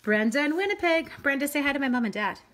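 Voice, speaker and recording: Brief: middle-aged Canadian woman, friendly, rambling craft-demo talk while she works, a touch high. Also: animated, fast talker, a bit bright. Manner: chatty, talks to viewers while crafting. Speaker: stamping demonstrator.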